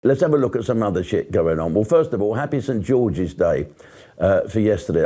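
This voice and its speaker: Sweary mocking British comedian, dark voice. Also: male voice, lowish voice. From Britain. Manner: blunt, sweary, mocking and sarcastic. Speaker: comedian ranting to camera. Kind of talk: angry casual monologue.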